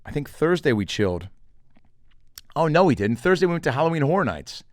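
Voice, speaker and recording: A man's voice: fairly high pitch, no echo, studio quality. A middle-aged man hosting a comedy podcast, telling stories in a loose, joking way and swearing casually. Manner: animated, joking, swearing, does quick voices for quotes. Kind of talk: casual solo podcast monologue.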